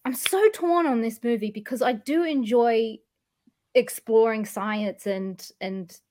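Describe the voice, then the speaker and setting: A woman's voice: a little high, slow pace, a little mellow. A woman co-hosting a podcast in casual chat, earnest and blunt, swearing freely. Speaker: podcast co-host.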